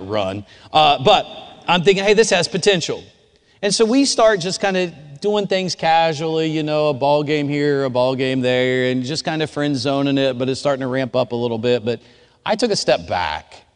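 Man preaching casually in a reverberant hall. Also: a little high. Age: adult. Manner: informal, storytelling, speaks directly to the audience. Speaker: chapel speaker. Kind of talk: conversational sermon with personal story.

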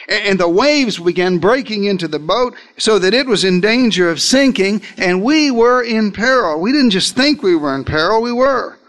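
In his sermon, this man retells scripture dramatically in the first person, directly addressing those listening. His voice is high and fairly bright.

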